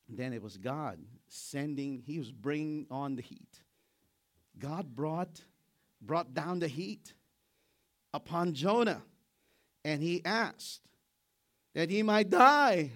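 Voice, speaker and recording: A middle-aged man preaching a sermon in an animated way, acting out biblical characters and laughing as he goes. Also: on the high side, a little slow, pauses often. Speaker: pastor.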